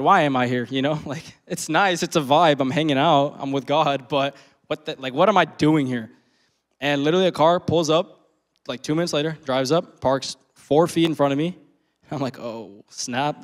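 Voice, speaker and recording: A man's voice: on the high side, fairly bright tone. A man in his twenties telling a personal story during a sermon, casual and full of slang, laughing often. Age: 20s. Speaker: preacher.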